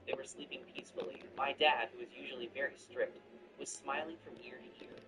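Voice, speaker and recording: A man narrating a first-person family story in an earnest, lively way. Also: medium pitch, a little fast, whispered. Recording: distant mic with background music.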